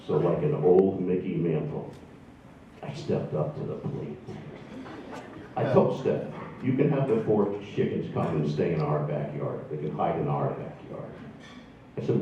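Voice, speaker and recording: A man's voice: low-pitched, lively intonation, measured pace, far from the mic, a little hiss or hum. A man, telling wry, self-deprecating stories to a live audience. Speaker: storyteller. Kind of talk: stand-up storytelling. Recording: echoey room from afar, dull sound.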